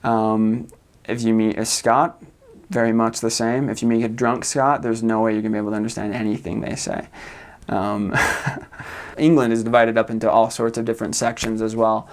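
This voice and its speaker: A young man from the United States, chatting casually as a vlogger, with loose, rambling talk full of fillers and soft laughs. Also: on the low side, little pitch movement, moderate pace. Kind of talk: casual chat.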